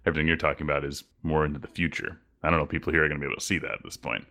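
Player, male, low voice, chatty and joking in character. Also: little pitch movement, racing, vocal fry, bright, forceful tone. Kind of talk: casual in-character tabletop play.

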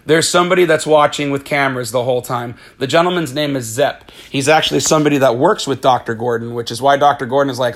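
A man casually recapping a movie plot, animated, acting out the characters' lines and swearing freely. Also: medium pitch, fast, hardly any pauses. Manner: animated retelling with acted-out quotes.

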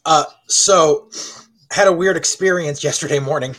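A man telling a story on a casual podcast, animated and swearing freely. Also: on the high side, moderate pace, low-quality recording. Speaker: podcast co-host.

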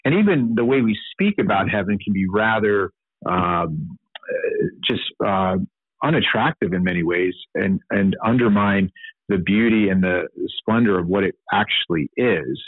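A man's voice: lowish voice, animated, moderate pace, no room sound. A man hosting a Catholic teaching podcast, speaking earnestly off the cuff with many fillers and restarts. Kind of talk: unscripted teaching commentary. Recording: dry, phone-like sound.

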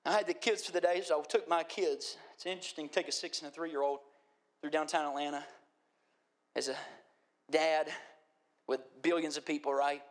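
A man preaching a sermon, moving from quiet storytelling to impassioned pleading. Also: a little high, fairly even intonation, moderate pace, long pauses. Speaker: pastor.

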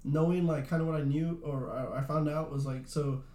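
A man's voice: fairly high pitch, steady tone, normal speed, dark tone. A young man chatting casually as co-host. He rambles, fills his speech with "like" and swears freely. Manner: rambling, swears a lot, says "like" often. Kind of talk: casual chat. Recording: roomy echo.

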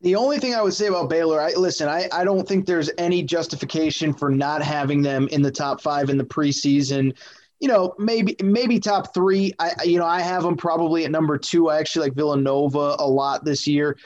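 A man with a notably high voice chats about sports on a podcast, rambling and emphatic and full of fillers. The audio sounds dull and lo-fi. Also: a little fast. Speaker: sports media podcast co-host. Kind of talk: casual sports talk.

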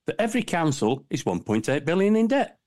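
A man's voice: on the high side, very animated, a little fast, darkish tone. Guy on a pub-chat podcast, rambly, cracks himself up, voice swings all over. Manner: rambling, laughs at his own jokes. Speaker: podcast panelist. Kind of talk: casual banter.

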